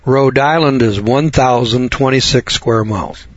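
An older man holds forth on the radio in a folksy, preaching rant, his voice climbing into loud emphatic bursts. The recording is dull and lo-fi, with a close, dry sound. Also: medium pitch, measured pace, dry recording. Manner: folksy, ranting, rises to loud emphatic peaks. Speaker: radio talk host. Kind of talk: preachy talk radio monologue.

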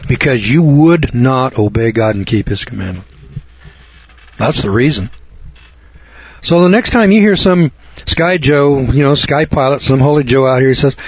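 A man's voice: medium pitch, expressive, normal speed, breathy edge, no room sound. A man from the United States preaching a sermon in a blunt, folksy, repetitive manner. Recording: dull lo-fi recording.

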